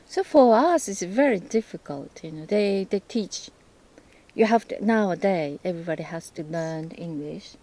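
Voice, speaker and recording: A woman speaking hesitant, non-native English in a casual chat, often pausing to search for words. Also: lowish voice, animated, warm tone, rough recording. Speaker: host, English learner.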